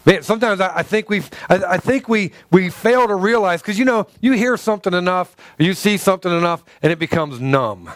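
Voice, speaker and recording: A man preaching a sermon through a personal story, halting and stumbling over repeated words, and acting out the dialogue. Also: sits high, animated, dry recording. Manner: acts out quoted dialogue in his stories.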